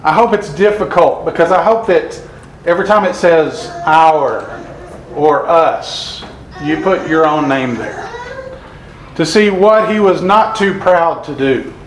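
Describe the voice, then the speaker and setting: A man's voice: fairly high pitch, slight background noise. Earnest preacher, man, echoey room. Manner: earnest, reads scripture slowly. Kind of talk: sermon.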